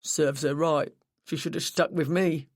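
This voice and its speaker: Read by the narrator, a sullen young man drops short, flat answers that go nowhere. His grief sits just under the clipped words. The read is dry and close, with no room sound. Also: high voice, measured pace, no room sound. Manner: flat, curt, mumbling replies. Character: grieving sullen young male cyclist.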